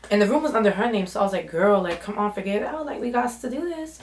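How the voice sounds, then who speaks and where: Animated young woman telling a storytime. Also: medium pitch, fast, roomy sound, a little hiss or hum. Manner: animated, slangy, acts out quotes in voices. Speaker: vlogger. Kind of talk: storytime vlog.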